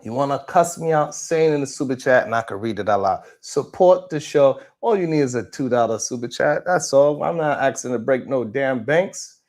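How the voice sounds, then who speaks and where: A man's voice: medium pitch, animated, moderate pace, few pauses, darkish tone. A man hosting a morning show livestream, chatting casually and joking as he talks straight to his viewers.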